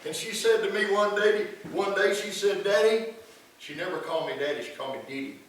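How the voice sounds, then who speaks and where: A man's voice: sits high, a little fast. A middle-aged man, preaching in a folksy storytelling way in a church sanctuary. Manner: folksy storytelling with acted-out quotes. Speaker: pastor. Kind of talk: sermon. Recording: echoey church room from far off.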